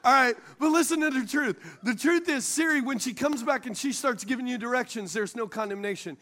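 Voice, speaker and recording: A male pastor with an unusually high voice delivers a sermon from the stage microphone. He jokes and pulls the congregation into call-and-response. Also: fairly quick, bright, forceful tone. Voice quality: high voice for a man. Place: church sanctuary.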